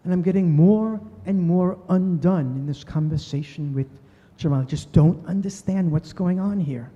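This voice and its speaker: An older man recounts a story at a talk, lending voices to those he quotes. His voice is fairly high yet deeply mellow. The recording is muffled, with long reverb from a large hall. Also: moderate pace. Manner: earnest, voices quoted people. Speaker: speaker giving a talk. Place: synagogue hall.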